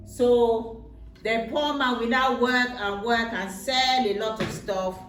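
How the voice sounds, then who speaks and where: A woman tells a Bible story to a child in a patient, simple way, repeating key points. Her voice sits a little high and sounds roomy, picked up from a distance, with faint noise behind. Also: steady tone, slow, a bit bright. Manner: patient, explains with repetition.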